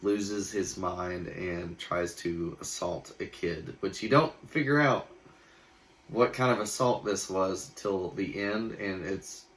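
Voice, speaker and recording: A man's voice: low-pitched, slow pace, fairly bright tone. A young man co-hosting a movie review podcast, talking casually with a laid-back, sarcastic manner. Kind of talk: casual chat.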